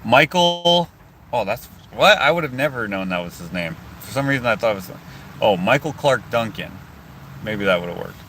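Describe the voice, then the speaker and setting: A man from Canada rambles casually into his phone from inside a car and keeps cutting himself off mid-thought. His voice sits on the low side. A faint hum of car noise sits underneath. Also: expressive, normal speed, fairly bright tone. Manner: rambling, chatty, self-interrupting. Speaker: vlogger. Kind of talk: casual chat reading viewer comments.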